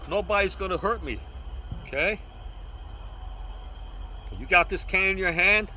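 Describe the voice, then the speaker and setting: Man, 60s, from New York, earnest, pleading, bright voice, faint outdoor street noise. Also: high voice, rough recording. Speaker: vlogger teaching cane self-defense. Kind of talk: casual outdoor vlog.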